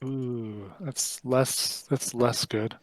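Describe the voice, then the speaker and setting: A man narrating as game master of a tabletop game, speaking haltingly with many fillers. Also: medium pitch, steady tone, no room sound.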